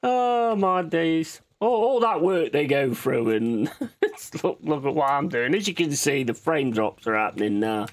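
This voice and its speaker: A man's voice: a little high, very animated, normal speed, hardly any pauses. A man hosting his own gaming channel, chatting casually and swearing freely as he plays. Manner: chatty, sweary, laughs easily. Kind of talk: casual gameplay commentary.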